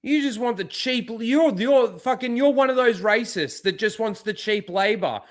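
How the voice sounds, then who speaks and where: A man's voice: extremely high pitch, normal speed. Profane ranting male commentator. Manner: profane, scornful, rising to angry outbursts. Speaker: commentary channel host.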